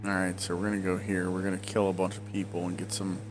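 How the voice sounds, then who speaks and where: Guy in his 40s rambling over a video game, lowish voice, hiccups, bit of hiss behind. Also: completely flat delivery, fast. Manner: rambling, trailing off into tangents. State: hiccuping, swollen tongue. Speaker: gameplay video creator. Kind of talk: casual gameplay commentary.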